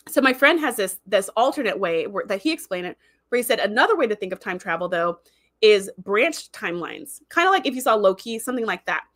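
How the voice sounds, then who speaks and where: A woman's voice: medium pitch, fairly bright tone. A woman hosting a casual livestream, chatting in a rambling way and reading viewer comments aloud. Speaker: livestream host.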